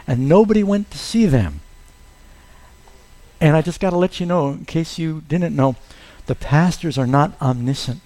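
A man's voice: mid-range voice, unhurried, a little mellow. A man preaching a sermon as pastor, telling stories and acting out the lines he quotes in a raised voice.

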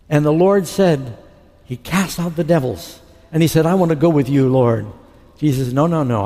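Middle-aged guy preaching his testimony, mellow voice, big echoey hall. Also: on the high side. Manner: storytelling, acts out his own past dialogue. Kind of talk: sermon testimony. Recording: long hall reverb.

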